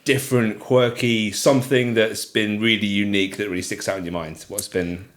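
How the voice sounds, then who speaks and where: Jokey man hosting, low voice. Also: little pitch movement. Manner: affable, jokey, lots of quick agreement. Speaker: podcast host. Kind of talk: casual chat.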